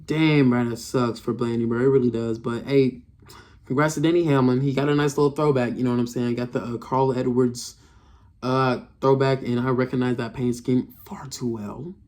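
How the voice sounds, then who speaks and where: A man's voice: mid-range voice, steady tone, moderate pace, a little mellow. A young man reviewing a race in a casual, frustrated rant, slangy and profane, repeating himself often.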